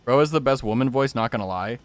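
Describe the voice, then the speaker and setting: A man's voice: medium pitch, quick pace. A young man streaming a game, chatting casually with viewers in a jokey, rambling way and reacting aloud to what happens on screen. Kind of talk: casual gaming stream chat.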